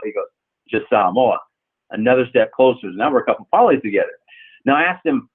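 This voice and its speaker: A man's voice: medium pitch, expressive, brisk, breathy edge. A man from California giving a leadership training webinar, telling personal stories earnestly with frequent restarts. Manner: earnest storytelling with repeated restarts. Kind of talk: webinar presentation. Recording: tinny phone-like audio.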